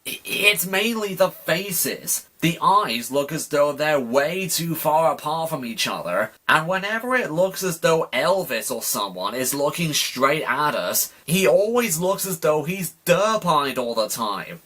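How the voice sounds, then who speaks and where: Male reviewer, bright timbre, sarcastic and fed-up voice-over. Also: fairly high pitch, big pitch swings, unhurried, few pauses. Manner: exasperated and sarcastic. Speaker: YouTube reviewer. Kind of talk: ranting voice-over commentary.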